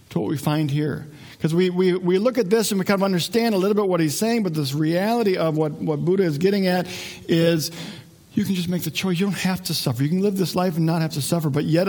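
A pastor preaching in a loose, joking, conversational way, with frequent restarts as he works toward his point. His voice sits slightly high for a man. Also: darkish tone. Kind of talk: sermon.

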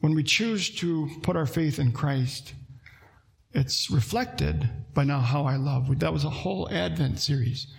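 Animated preaching man, higher voice. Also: measured pace, creaky. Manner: animated, rises to emphatic bursts; asides to the congregation. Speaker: pastor. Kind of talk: sermon.

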